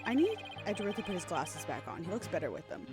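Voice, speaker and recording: A young woman streaming a video game, chatting casually, giggly and excitable, talking to herself as she plays. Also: fairly low pitch, quick pace. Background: game music.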